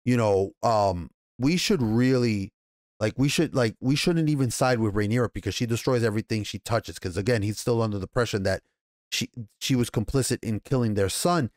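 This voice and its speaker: A man giving a casual, rambling TV episode recap and review, excitable and profane, with many restarts. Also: fairly low pitch, moderate pace, no room sound, studio quality. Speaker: TV show reviewer.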